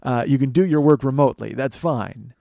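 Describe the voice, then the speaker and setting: A man's voice: medium pitch, fairly quick, gravelly, dark tone, no room sound. A man in his forties hosting a comedy podcast alone, rambling through profane, self-mocking asides. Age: 40s. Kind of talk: solo comedic monologue.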